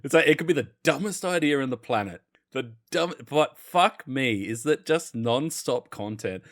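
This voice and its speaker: Swearing, animated podcast man. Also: mid-range voice, normal speed, no room sound, studio quality. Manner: animated storyteller, swears freely, acts out others' lines. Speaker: podcast co-host. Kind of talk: casual chat.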